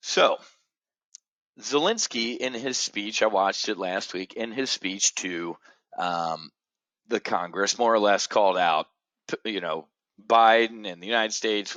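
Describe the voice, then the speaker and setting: A man's voice: lowish voice, no echo, muffled recording. Blunt, profane middle-aged man ranting. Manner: blunt, profane, sarcastic, swings from muttering to shouting. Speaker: options trading show host. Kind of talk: ranting monologue.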